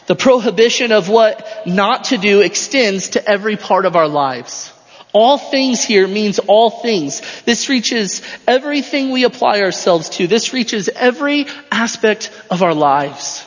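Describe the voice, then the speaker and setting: High-voiced preacher in an echoing hall. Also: male voice, lively intonation, unhurried, hardly any pauses. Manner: emphatic, repeats phrases for stress. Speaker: pastor. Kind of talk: expository sermon. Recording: dull lo-fi sound with long hall reverb.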